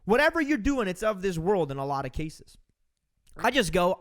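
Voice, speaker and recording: A man from Romania hosts his own podcast, delivering an emphatic, preachy motivational monologue and calling his listeners folks. His voice sits high for a man, and his pitch leaps and dips with every point he hammers home. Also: sing-song, normal speed. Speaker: podcast host.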